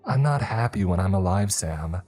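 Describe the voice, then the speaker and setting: A man voicing a despairing teenage schoolgirl who chokes out bitter, pleading outbursts in a husky voice. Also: on the low side, slow, a little mellow, faint music behind, voice pushed up. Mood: weary.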